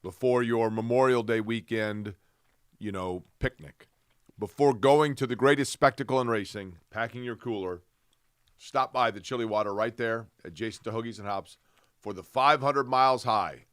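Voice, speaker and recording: A man's voice: mid-range voice, moderate pace, clean tone, dry recording, studio quality. A man co-hosting a sports podcast, easygoing and playfully fussy. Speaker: podcast co-host. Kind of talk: casual sports chat.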